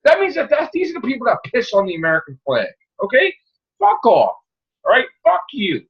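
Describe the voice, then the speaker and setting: A man's voice: very high-pitched, wildly swooping pitch, a little fast, muffled recording. A man hosting a podcast, ranting angrily about a movie with lots of profanity and heated, mocking delivery. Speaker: podcast host. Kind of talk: angry movie rant.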